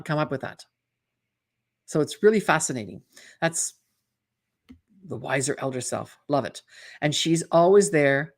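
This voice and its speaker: A mental fitness coach hosts a live webinar, her fairly low voice lively and conversational. She acts out imagined inner voices as quotes and chats with the audience, often asking "right?".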